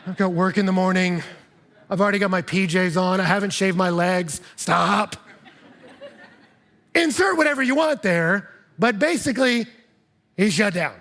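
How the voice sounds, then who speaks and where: A man preaching a sermon as pastor, lively and humorous, acting out couples' voices. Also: sits high, slightly rough.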